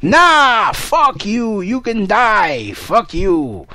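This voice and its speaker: A man's voice: high-pitched, sing-song, extremely slow, bright, forceful tone, soft background music, full character voice. A man putting on the voice of a hostile, greedy male squatter who swears and threatens, in a mocking tone. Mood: snarling, threatening. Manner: snarling, profane, mocking.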